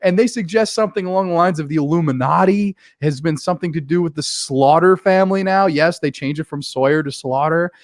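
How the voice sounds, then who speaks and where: A man co-hosting a casual movie review chat, animated, laughing often and acting out scenes in voices. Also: a little high, brisk, hardly any pauses, no room sound, studio quality. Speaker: podcast co-host.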